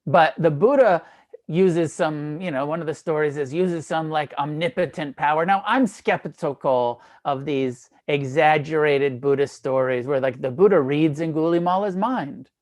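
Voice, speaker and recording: A man with a slightly high voice, speaking at normal speed, gives a dharma talk as a meditation teacher. He retells a story in an animated, casual and irreverent way, with swearing, fillers and frequent laughs.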